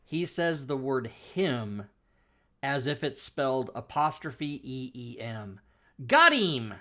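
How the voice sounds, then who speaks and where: A man's voice: mid-range voice, takes it slowly. A man from Kentucky ranting bluntly in casual chat, swearing as he goes.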